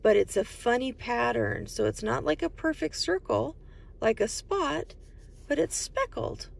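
Slow, lilting woman reading to children. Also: fairly high pitch, animated, vocal fry. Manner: slow, sing-song, asks the child many questions. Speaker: children's storytime host. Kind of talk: reading a picture book aloud to young children.

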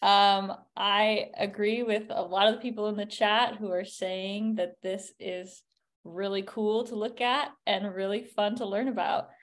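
A woman's voice: medium pitch, steady tone, unhurried. A woman hosts a virtual family science evening. She sounds upbeat and enthusiastic as she thanks a guest, speaking through a video call. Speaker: event host. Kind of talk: casual thanks and moderation.

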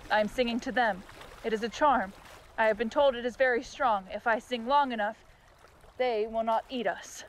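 An eerie, cryptic shipwrecked sailor, played by a woman, with a high voice that keeps its words short and distant. The lines come from an outdoor stage show by the water, with faint noise behind. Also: moderate pace, close to an everyday voice. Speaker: actor playing the sailor. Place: outdoor marina platform.

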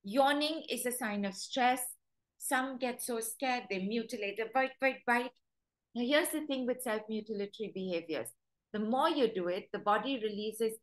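A woman's voice: fairly high pitch, fairly bright tone, low-quality recording. A woman dog trainer giving a webinar talk, telling stories and acting out what dogs would say. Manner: storytelling, acts out dogs' thoughts in quoted voices.

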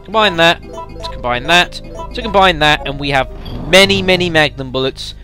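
Bright-voiced chatty gameplay commentator man. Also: a little high, expressive, faint music behind. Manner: chatty, addresses viewers as folks, halting fillers. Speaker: let's play commentator.

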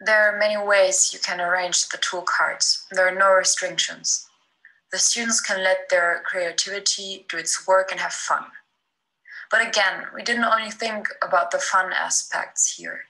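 A woman gives a scripted presentation of a student design project. Her voice is bright, and her reading is steady and explanatory, at a middle pitch. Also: measured pace, poor audio.

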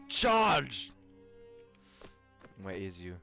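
Brief: young male gamer, lively swooping pitch, slow drawn-out delivery, loud swearing reactions, faint game music underneath. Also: vocal fry. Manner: loud, swearing, laughing outbursts, mock taunts. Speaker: gaming YouTuber. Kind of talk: excitable let's play commentary.

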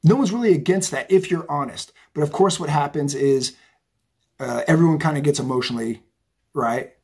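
A man's voice: a little high, moderate pace, a little mellow, husky. A middle-aged man giving a chatty, rambling tarot reading, often tagging his lines with "right?" and "okay?". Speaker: psychic tarot reader. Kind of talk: casual tarot reading monologue.

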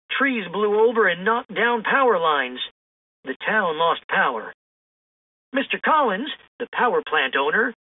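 A woman reading a children's storybook aloud in an expressive, lively way. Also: fairly low pitch, slightly rough, dry recording. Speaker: storybook reader. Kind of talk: children's book read-aloud. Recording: tinny phone-like sound.

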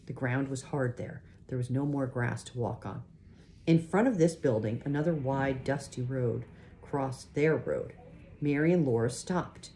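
A woman reading a children's chapter book aloud in a gentle, unhurried way, pausing to show the pictures. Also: very deep voice, a little hiss or hum. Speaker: reader.

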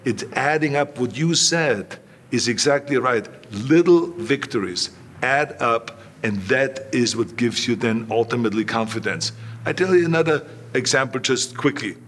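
Older man telling lively stories. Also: mid-range voice. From Austria. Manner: animated anecdotes, acts out quoted voices. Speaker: interview guest. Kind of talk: storytelling in a relaxed interview.

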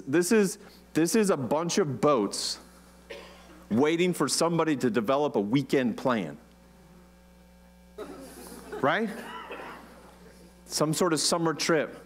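A man preaching a conversational sermon, asking the congregation questions. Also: medium pitch. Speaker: pastor.

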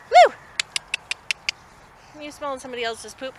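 A woman's voice: high voice, wildly swooping pitch, moderate pace, pauses often. A woman who works at an animal shelter, filming outdoors on a phone and coaxing a dog with repeated commands and calls. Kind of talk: casual talk to a dog while filming. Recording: loud background noise outdoors.

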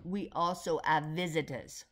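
A woman voicing a formal woman librarian with a thick Russian accent, speaking slowly and in a measured way. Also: deep voice, fairly even intonation. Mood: serious. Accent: Russian, put on.

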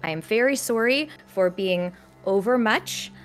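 A man's voice: sits high, unhurried, fairly bright tone, clean tone, voice pushed up. A woman voicing a tall, emotional half-elf man who rambles and stammers through apologies. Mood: apologetic.

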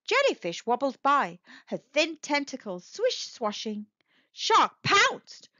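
Slow sing-song woman reading to kids. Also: high-pitched, no room sound. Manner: gentle, sing-song and expressive. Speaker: children's storytime reader. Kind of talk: slow expressive read-aloud for young kids. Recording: dull lo-fi dry recording.

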